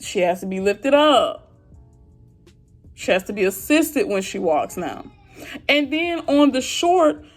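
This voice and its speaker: Frustrated high-voiced woman venting. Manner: frustrated, heartfelt, talks straight to viewers. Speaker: vlogger. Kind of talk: emotional venting to camera.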